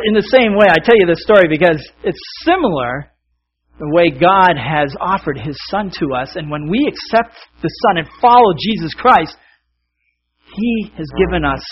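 A man's voice: on the high side, slightly rough, muffled recording. A man preaching a sermon, telling a story and acting out its voices before drawing the lesson. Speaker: pastor.

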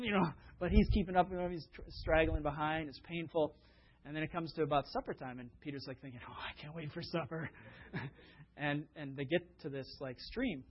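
Male preacher, conversational sermon, rhetorical questions, slightly high husky voice, dull lo-fi sound. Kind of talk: sermon with storytelling.

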